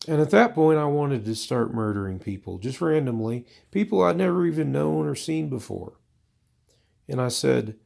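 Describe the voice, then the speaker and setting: A man's voice: medium pitch, animated, normal speed, vocal fry, a little mellow. A man delivering a profane, exasperated, rambling comedic rant to his viewers. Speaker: vlogger.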